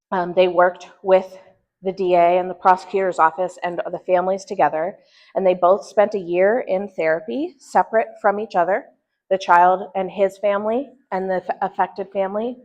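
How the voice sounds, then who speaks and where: A woman presenting to a church group, speaking earnestly and thoughtfully, with pauses and restarts as she reflects. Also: medium pitch, steady tone, darkish tone. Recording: dull lo-fi recording.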